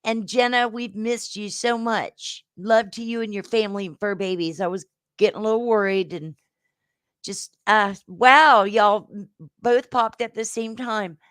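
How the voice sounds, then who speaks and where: A woman hosting a livestream game show, chatting casually with viewers and giving rambling, affectionate shout-outs with lots of fillers. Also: medium pitch, steady tone, unhurried, clear, resonant tone, no room sound, studio quality.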